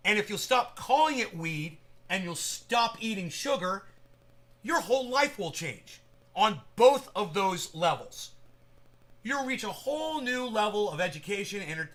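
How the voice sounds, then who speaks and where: A man's voice: high voice, pushed and bright. A man hosting a livestream, rambling casually and with profanity while addressing viewers in chat by name. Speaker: livestream host.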